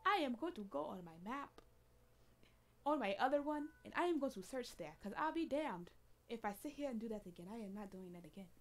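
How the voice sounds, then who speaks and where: Animated woman streamer, lively pitch. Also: fairly quick. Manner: animated, talks back to the game and chat, laughs often. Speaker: game streamer. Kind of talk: casual live gameplay commentary.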